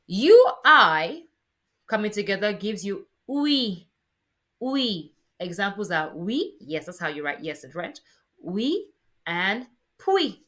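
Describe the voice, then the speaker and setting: A woman teaching French sounds in a patient, encouraging lesson, modelling each sound slowly. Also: medium pitch, bright, forceful tone. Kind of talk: spoken lesson on pronunciation.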